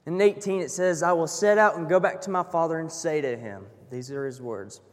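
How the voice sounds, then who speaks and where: Man preaching with a high voice. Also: fairly quick, few pauses, in a large hall. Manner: earnest, storytelling, swings from hushed to emphatic. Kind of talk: sermon.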